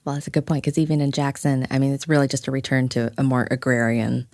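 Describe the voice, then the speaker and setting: Woman podcast host and coach, very deep voice, thoughtful, dry close sound. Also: fairly even intonation, fast, darkish tone, no room sound. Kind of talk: casual conversation.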